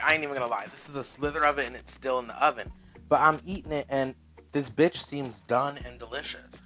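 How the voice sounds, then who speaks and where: A man's voice: medium pitch, pushed and bright, rough recording. A man hosting a casual home cooking vlog, sassy and profane, calling viewers "girl" and "honey". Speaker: cooking vlogger. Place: home kitchen.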